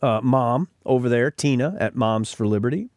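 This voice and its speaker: A man's voice: mid-range voice, normal speed, a little mellow, no room sound, studio quality. A man hosting a podcast, delivering emphatic opinionated commentary and often repeating words as he starts sentences. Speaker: podcast host.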